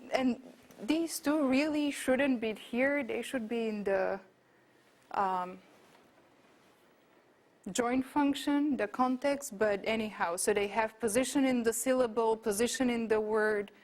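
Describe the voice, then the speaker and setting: A woman giving an academic lecture, explaining her research in a thinking-aloud way with frequent fillers and restarts. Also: medium pitch. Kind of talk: academic talk with slides. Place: lecture room.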